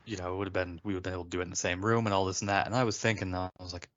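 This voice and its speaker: A man's voice: sits low, little pitch movement, very fast, no echo, lo-fi sound. A man in his thirties co-hosting a podcast, chatting casually and rambling, with lots of fillers and restarts. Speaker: podcast co-host. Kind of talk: casual chat.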